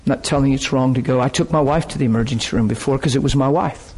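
A man preaching a sermon, telling a personal story in a dramatic, emotional way that breaks into shouts and laughter. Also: medium pitch, racing, slight background noise, rough recording.

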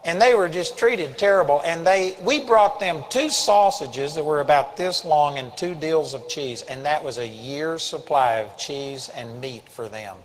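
A man preaching in a fairly high voice, with a faint hiss of noise behind him. He tells his stories earnestly and builds to emphatic bursts. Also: unhurried, few pauses, rough recording. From United States. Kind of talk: sermon.

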